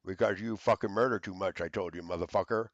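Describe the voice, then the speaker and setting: A man's voice: low voice, steady tone, fast talker, lo-fi sound, noisy background. A man in an angry, profane rant to camera, stammering through fillers and hurling accusations. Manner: shouting accusations, stammering fillers, heavy cursing.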